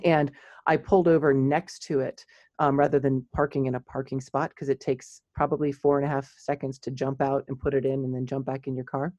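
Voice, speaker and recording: A middle-aged woman, a clinical psychologist, chatting casually and telling lively stories with frequent laughs. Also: very deep voice, a little fast, no echo, lo-fi sound. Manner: animated storyteller, laughs often.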